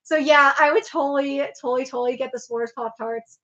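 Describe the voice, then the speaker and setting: A woman's voice: high voice, steady tone, brisk, bright, forceful tone, lo-fi sound. A young woman hosting a casual livestream from her home desk on a webcam, rambling and swearing as she repeats herself. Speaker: livestream host. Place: home room with laptop at a desk.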